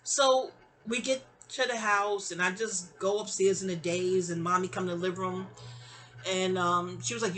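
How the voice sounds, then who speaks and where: Woman in her fifties, bright tense voice, digressive storytime, animated exclamations. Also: mid-range voice, normal speed. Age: 50s. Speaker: vlogger. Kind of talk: rambling storytime monologue.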